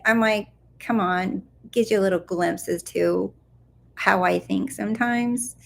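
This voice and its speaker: A woman's voice: medium pitch, unhurried, vocal fry. A woman life coach chatting casually on a live stream, answering viewer questions in a playful, goofy way and often checking in with her listeners. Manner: chatty, playful and goofy, full of "like" and "do you see?". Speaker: law of attraction coach.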